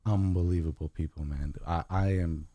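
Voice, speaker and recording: A man's voice: deep voice, steady tone, normal speed, mellow, no echo. A young man raised in Guatemala and the United States, a podcast guest talking earnestly in casual chat and often saying "man".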